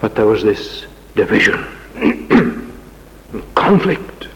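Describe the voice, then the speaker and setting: A man preaching a sermon in a church, with dramatic rising questions and sudden quiet passages. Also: on the low side, huge pitch swings, very slow, vocal fry, big-room sound, a little hiss or hum, poor audio.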